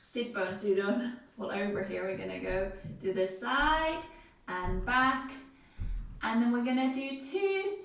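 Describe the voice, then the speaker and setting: A slightly high-voiced woman guides a seated movement class at an unhurried pace, counting out steps and chanting rhythm syllables. Her voice sounds distant from the mic in a very echoey room, with faint music underneath. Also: expressive, creaky. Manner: gentle, counts beats and sings rhythm syllables.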